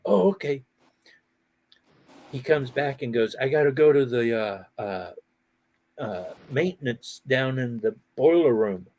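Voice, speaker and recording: A middle-aged man hosting a casual outdoor chat, telling animated stories and laughing often. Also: medium pitch, a little slow, pauses often. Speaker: host.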